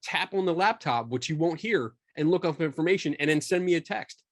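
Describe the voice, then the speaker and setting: A man's voice: on the high side, brisk, no room sound, clean studio sound. Chatty man telling a story. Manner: chatty, animated storyteller with frequent restarts. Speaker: guest, skeptical paranormal investigator. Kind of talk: casual storytelling interview.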